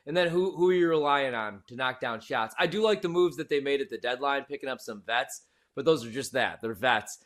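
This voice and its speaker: A man's voice: medium pitch, fairly quick, fairly bright tone. Opinionated man in casual sports chat. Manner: opinionated, emphatic, laid-back slang. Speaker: sports betting show co-host.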